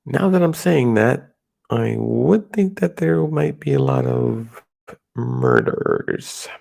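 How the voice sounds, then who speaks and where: A middle-aged man from the United States talks off the cuff, his voice gravelly and set at a middle pitch. He rambles and halts, restarting his sentences as he goes, in a casual solo talk. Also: animated, warm tone. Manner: rambling, halting with many restarts and fillers. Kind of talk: casual monologue.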